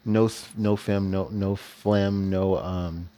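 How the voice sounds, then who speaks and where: A man's voice: low-pitched, level tone, slow pace, warm tone. A man talking in a loose, rambling religious vlog monologue, chuckling often as he goes. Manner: loose, rambling delivery with frequent restarts. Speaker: vlogger.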